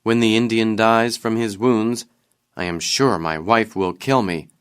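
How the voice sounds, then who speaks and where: A man's voice: fairly low pitch, fairly even intonation, a little slow, clear, resonant tone, close to an everyday voice. A man reading as a sorrowful young king. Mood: hopeless. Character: sorrowful young king, half turned to stone.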